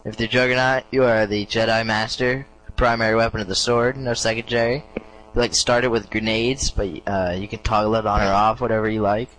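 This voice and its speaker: Halting male podcast co-host, lowish voice, soft hiss under the recording. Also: little pitch movement, rough recording. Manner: halting, many uh fillers. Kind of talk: casual gaming podcast chat.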